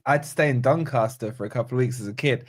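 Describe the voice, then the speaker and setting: A man's voice: medium pitch, racing. A man in casual football chat, jokey and self-deprecating, tagging sentences with "man".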